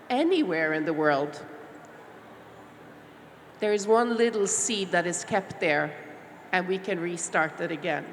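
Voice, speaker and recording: A middle-aged woman from Norway, speaking on a panel as a small business owner, heartfelt and reflective with many pauses and fillers. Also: medium pitch, a bit bright. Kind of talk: panel discussion talk. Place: large expo hall stage. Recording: long hall reverb with faint background noise.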